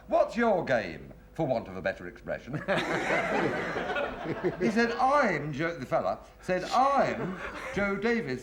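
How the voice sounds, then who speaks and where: A man, a comedian, telling jokes in a chatty, rambling way with restarts. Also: high voice. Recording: noisy 1970s TV studio recording.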